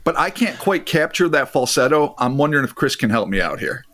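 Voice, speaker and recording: A very animated man with a mid-range, slightly bright voice speaks briskly as a podcast host. In casual chat he tells a strange tale, reading passages aloud and stopping for jokes and swearing.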